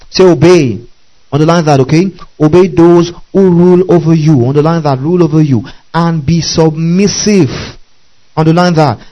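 A man's voice: a little high, warm tone, poor audio. A man preaching as pastor, teaching through scripture, repeating key phrases and asking the congregation to underline them. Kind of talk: sermon.

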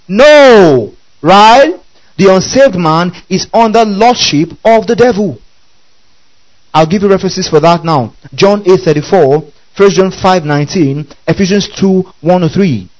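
A man's voice: high-pitched, normal speed, darkish tone, low-quality recording. A man preaching a Bible-teaching sermon, often asking the congregation whether they follow. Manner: keeps checking the audience follows, repeating questions.

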